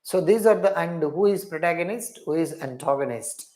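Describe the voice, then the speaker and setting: A man's voice: on the high side, expressive, normal speed, darkish tone. A man teaching English literature in a live online class, repeating each question and praising every student's answer.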